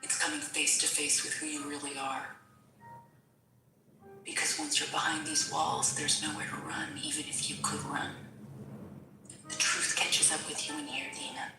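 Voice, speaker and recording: A woman's voice: sits low, flat delivery, moderate pace, long pauses, over music, close to an everyday voice. An actress playing a woman prison inmate who taunts and then confesses her fears in an intense, confessional way. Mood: raw confession. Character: woman prison inmate, menacing yet scared. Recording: echoey, distant clip with faint noise.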